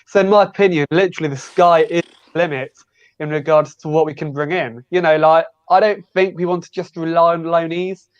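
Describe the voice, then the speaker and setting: A man's voice: fairly high pitch, steady tone, brisk, clean tone, dull audio. A man calling into a fan show, heatedly giving his opinion and stumbling over his words because he is so mad. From lives in Cornwall. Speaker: caller. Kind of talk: heated football phone-in opinion.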